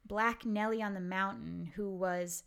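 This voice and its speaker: A woman's voice: medium pitch, fairly even intonation, unhurried, vocal fry, a bit bright, clear, resonant tone. A woman hosting a podcast, telling a family story in a rambling, casual way full of fillers and asides. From Pennsylvania. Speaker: podcast host.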